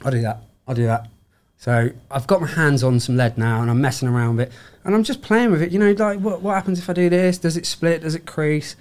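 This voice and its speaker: A man's voice: on the high side, fairly quick, hardly any pauses. A young adult man from England, casually telling a story and acting out the dialogue in it. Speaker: guest tradesman. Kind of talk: casual storytelling in a podcast chat.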